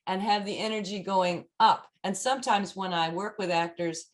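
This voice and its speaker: A woman's voice: mid-range voice, fairly even intonation, normal speed, hardly any pauses. A woman voice and text coach talking casually in an online chat, with frequent fillers as she demonstrates speaking tips. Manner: chatty, many fillers, demonstrates lines.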